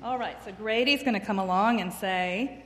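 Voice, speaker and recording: A woman teaching a class of children, gentle and encouraging, asking them questions as she goes. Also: mid-range voice, moderate pace. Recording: echoey room, faint background noise.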